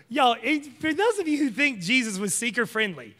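Guy preaching in a big echoey church, high bright voice, talks right at the crowd. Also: very animated, unhurried. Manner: emphatic, conversational, addresses congregation directly. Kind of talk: sermon.

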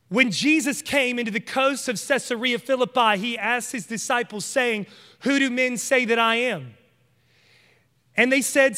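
A man's voice: high-pitched, pushed and bright, in a large hall. A man preaching a sermon, emphatic and conversational, speaking straight to his congregation.

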